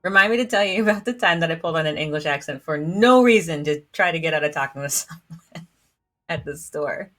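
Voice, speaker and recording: A woman's voice: deep voice, lively intonation, a little fast, a bit bright. Giggly woman reading a game aloud. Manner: giggly, chatty, fills speech with "like". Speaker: game streamer. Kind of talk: let's play commentary, reading game dialogue aloud.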